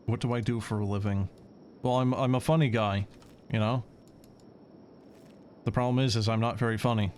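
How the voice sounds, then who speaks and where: A man's voice: on the low side, fairly even intonation, moderate pace, pauses often, a little mellow, a little hiss or hum. A man streaming a game in casual chat, sarcastic and swearing as he answers chat.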